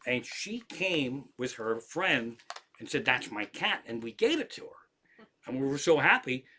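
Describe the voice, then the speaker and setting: A man's voice: medium pitch, unhurried, slight background noise. Man telling profane, rambling stories at home. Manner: profane, animated anecdotes with frequent swearing. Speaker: comedian hosting a livestream. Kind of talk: casual rambling storytelling. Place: home, in an armchair.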